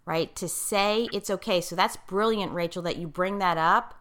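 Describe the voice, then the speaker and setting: A middle-aged woman with a lowish, bright and forceful voice talks in a casual, coaching way. She leans on her key words and keeps checking that her listener follows. When she tells a personal story she gets choked up. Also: moderate pace. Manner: gets choked up while telling a moving story.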